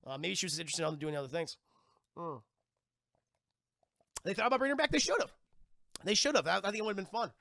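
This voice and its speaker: Man, streamer, high pitch, very gravelly, casual profane recap, dry close sound. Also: fast, long pauses, bright, forceful tone, no room sound. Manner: profane, rambling. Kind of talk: casual movie recap to chat.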